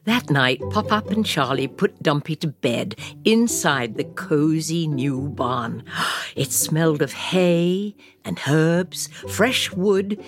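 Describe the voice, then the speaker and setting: A woman reads a children's picture book in a slow, lilting storytelling voice. She speaks low and moves through a wide pitch range, voicing playful sound effects. Faint music plays underneath. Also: lively intonation. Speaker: podcast host reading a picture book. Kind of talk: children's storybook read-aloud.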